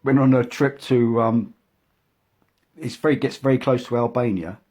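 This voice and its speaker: A man's voice: normal speed, darkish tone. An older man from England telling a casual, rambling anecdote, with frequent restarts and asides. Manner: acts out quotes in a higher voice. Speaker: storyteller.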